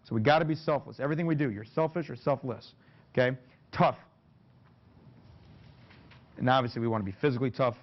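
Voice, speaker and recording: Fast-talking man in a dull recording. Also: mid-range voice. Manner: folksy, joking, plain-spoken. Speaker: football coach leading a coaching clinic. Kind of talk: clinic talk to coaches.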